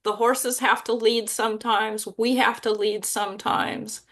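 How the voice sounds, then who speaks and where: Bright-voiced, emotional woman host. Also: on the high side, flat delivery, measured pace. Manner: emotional, heartfelt. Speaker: podcast host. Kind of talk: casual interview chat.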